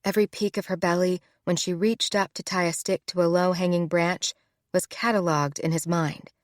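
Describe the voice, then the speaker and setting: A woman narrating a romance audiobook in a smooth, measured reading. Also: on the low side, fairly even intonation, dry recording, studio quality. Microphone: close studio mic.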